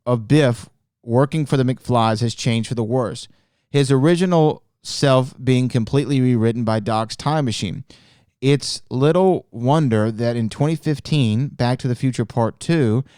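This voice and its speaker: A man's voice: mid-range voice, darkish tone, clean tone, no room sound, clean studio sound. A man hosting a solo podcast, reading out claims and rebutting them with exasperated, rising indignation. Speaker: podcast host.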